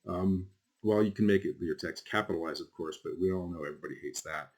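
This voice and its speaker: A very low-pitched man gives a relaxed screen-recorded lecture to his class. He rambles, drifts into asides and fills gaps with ums and likes. Keyboard typing can be heard now and then behind him. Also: fast talker. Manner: casual, rambling, with frequent fillers and asides. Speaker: college instructor.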